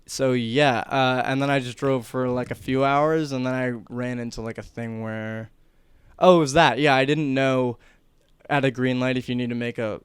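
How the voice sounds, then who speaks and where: A man's voice: medium pitch, steady tone, moderate pace, clear, resonant tone, no room sound. A man from northern New Jersey telling rambling stories in casual podcast chat, often laughing mid-sentence. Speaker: podcast guest.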